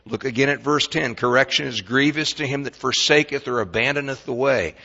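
A man's voice: mid-range voice, a little fast, pushed and bright, lo-fi sound. An older man preaching a sermon as a pastor, in a folksy way, with stammered restarts and questions to the congregation.

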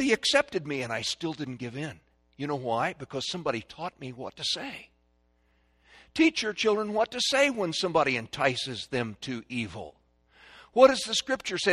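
An older man giving a folksy, sermon-style talk on raising children, animated, acting out stories and drills. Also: high-pitched, no room sound, studio quality. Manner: animated storyteller, shouting drills to kids. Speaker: speaker on parenting.

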